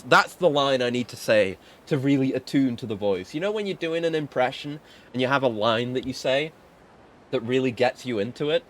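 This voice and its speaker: A man's voice: medium pitch, animated, moderate pace, a bit bright. A man giving casual, rambling, self-mocking commentary while playing a video game. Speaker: game streamer.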